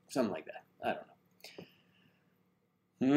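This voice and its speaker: A man chatting casually on a live stream, with a voice of ordinary pitch for a man. He rambles and jokes as he greets viewers and reads out their comments. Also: lively intonation, measured pace, long pauses.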